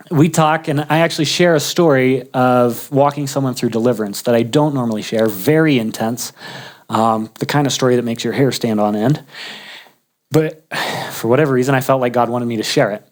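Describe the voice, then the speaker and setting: A man's voice: medium pitch, steady tone, normal speed. A man casually telling a personal faith story, humorous and chatty, often restarting his sentences. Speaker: guest sharing a faith testimony.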